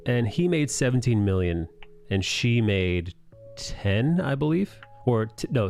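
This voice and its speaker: A man's voice: medium pitch, darkish tone. A man hosting a live drawing stream, chatting casually and ranting with a lot of swearing and disbelief. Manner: profane, ranting, incredulous.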